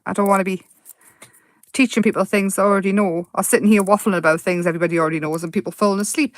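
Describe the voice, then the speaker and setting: A woman hosting a chatty crafting tutorial, rambling and giggling and easily excited as she explains her steps. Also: mid-range voice, racing, no echo.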